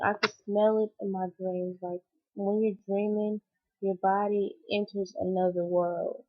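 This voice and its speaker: Young woman vlogging about a dream, flat delivery, rambly and emotional, kinda dull lo-fi sound. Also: mid-range voice. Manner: rambling, emotional, many fillers. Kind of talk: personal storytelling. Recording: dull lo-fi recording.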